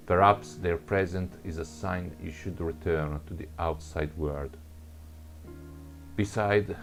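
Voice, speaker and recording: A man with another first language reading a second-person adventure story aloud, stumbling and restarting words. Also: low-pitched. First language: not English. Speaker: narrator.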